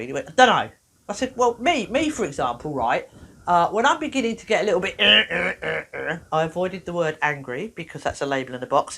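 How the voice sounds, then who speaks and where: A woman with a lively storytelling manner, a therapist giving a workshop talk who acts out the people in her stories. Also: mid-range voice. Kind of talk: animated talk to an audience.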